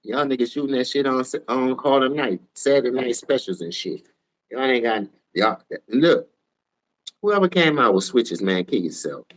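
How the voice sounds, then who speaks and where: A tired man with a New Orleans accent ranting profanely on a casual sports livestream, switching between low mumbles and loud outbursts. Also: animated, moderate pace. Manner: profane, heated, jumps between mumbling and shouting.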